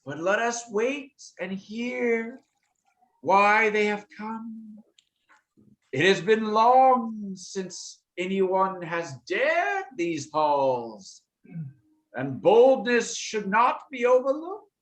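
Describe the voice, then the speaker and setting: A man voicing a cunning, high-voiced dragon who speaks in a measured, coaxing way. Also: lively intonation, recorded from a distance, full character voice. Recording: roomy echo.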